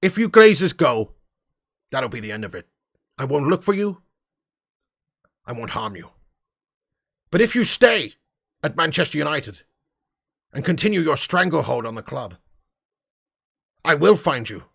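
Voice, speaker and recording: A man doing a low, menacing movie-threat tough guy. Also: sing-song, vocal fry, breathy edge, heavily acted. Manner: slow, low, quietly menacing delivery. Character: gruff Irish footballer in a menacing film-thriller threat.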